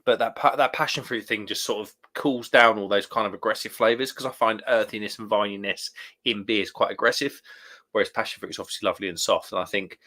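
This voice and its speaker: A man's voice: on the low side, pushed and bright. A man hosting a casual beer live stream, chatting, reading out viewer comments and calling people mate. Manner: chatty, laughs often, calls people mate.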